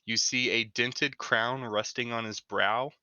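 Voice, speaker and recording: A man narrating a tabletop game as game master, halting and full of fillers. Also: mid-range voice, fairly even intonation, bright, forceful tone, no room sound, highs cut off.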